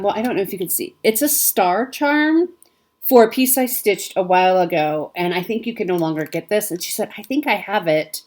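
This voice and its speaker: A woman chatting casually to camera as she unboxes a gift parcel, gushing and delighted, often laughing softly. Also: medium pitch. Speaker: cross-stitch vlogger.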